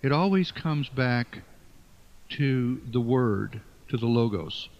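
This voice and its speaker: A male guest in a radio interview, thinking aloud slowly and circling back on his words. His voice sits at an ordinary pitch for a man. The recording sounds dull and muffled, as if from an older lo-fi source. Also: animated. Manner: halting, repeats words while searching for phrasing. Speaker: interview guest, writer and musician. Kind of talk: reflective conversational interview.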